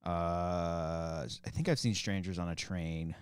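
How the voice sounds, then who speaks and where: A man's voice: low-pitched, slow, smooth, dry recording, clean studio sound. A man co-hosting a podcast in casual chat, loose and joking, with swearing. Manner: loose, swearing, animated banter. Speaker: podcast co-host.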